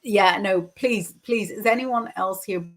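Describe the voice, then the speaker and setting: Woman in her fifties from the UK, tarot reader on a live stream, unhurried, reads chat messages aloud. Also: medium pitch, poor audio. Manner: reads viewer comments aloud, chatty and warm-hearted. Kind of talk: casual livestream chat.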